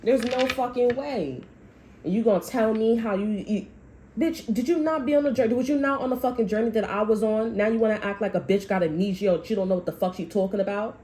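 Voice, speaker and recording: A woman's voice: medium pitch, fairly quick, mellow, slight background noise, poor audio. A woman tarot reader delivering a blunt, heavily profane, heated rant about what spirit is telling her. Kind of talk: channeled reading rant.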